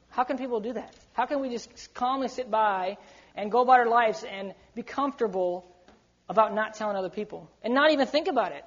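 A man's voice: very high-pitched, lo-fi sound. A man preaching to young people in an urgent, emphatic sermon, often acting out what people might say. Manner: emphatic, urgent, slips into quoted voices. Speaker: youth preacher.

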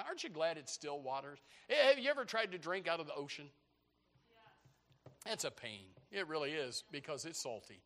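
Male preacher with a bright, forceful voice, folksy and exclamatory. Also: fairly high pitch, sing-song, moderate pace, in a large hall. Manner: folksy and exclamatory, with frequent stammered restarts. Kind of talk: sermon.

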